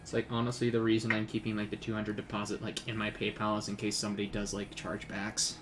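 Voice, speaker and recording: A man's voice: lowish voice, completely flat delivery, quick pace, noisy background. A young man hosting a live stream while he draws. He chats casually and rambles, with many ums and restarts. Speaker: streamer and artist.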